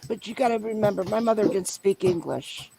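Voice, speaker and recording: A woman's voice: mid-range voice, fairly quick, creaky, noisy background. An older woman telling a story from her childhood in a casual group chat, blunt and salty.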